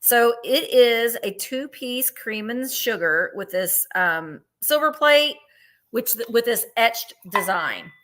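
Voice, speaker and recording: A woman running a live vintage sale, chatting warmly about each item and counting down bids. Her voice sits a little high and rings bright and forward. She gushes readily and talks in loose, rambling sentences. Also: lively intonation, slow. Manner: chatty, gushing over items, counts down bids. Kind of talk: live online sales chat.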